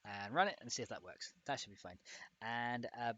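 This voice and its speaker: A man's voice: medium pitch, fairly quick, fairly bright tone, no echo, highs cut off. A young man streaming, talking himself through fixing a game mod and chatting with viewers. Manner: muttering to himself while troubleshooting, chatty with viewers. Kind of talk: casual livestream commentary while modding.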